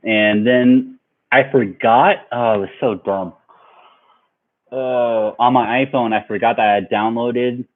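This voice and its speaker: A man's voice: medium pitch, fairly even intonation, slow pace. A young man telling a long story to his viewers in a rambling, laid-back way, full of fillers. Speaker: vlogger. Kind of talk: casual storytelling. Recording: tinny phone-like sound.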